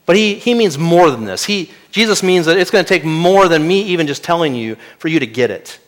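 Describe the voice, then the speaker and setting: A male pastor preaching an expository sermon. He often drops to a quiet, weighty voice for key lines. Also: a little high, animated, fairly quick.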